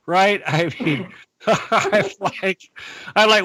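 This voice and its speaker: A high-pitched man hosts a talk radio show, speaking slowly as he chats casually and rambles, with frequent laughs and animated asides.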